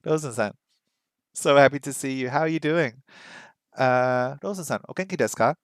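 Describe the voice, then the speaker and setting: A man chatting casually on a stream while he practises a language, thinking aloud and sounding out words slowly. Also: medium pitch, smooth, dry recording. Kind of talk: casual livestream chat.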